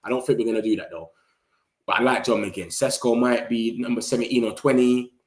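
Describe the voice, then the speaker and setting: This young host talks football transfers fairly quickly with a medium-pitched voice and a roomy sound. His live chat is loose and animated, packed with slang, banter and laughs.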